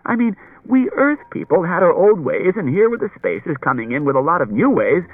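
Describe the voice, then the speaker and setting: In this audiobook passage the male narrator pitches above his own voice into a high, husky, very animated and brisk full character voice. He's playing a chatty, anxious wife who tells her stories in a rambling, circuitous way, and the recording is dull and lo-fi.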